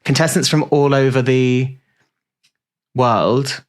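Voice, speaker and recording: Male podcast co-host, mid pitch, playful and rambling. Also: fairly even intonation, slow pace. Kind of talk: casual chat.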